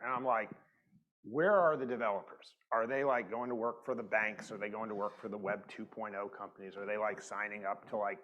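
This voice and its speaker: Brief: man, lowish voice, animated storyteller on a conference panel stage. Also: dull audio. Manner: animated storytelling, acts out quoted exchanges, many "like" fillers. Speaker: panelist, tech investor.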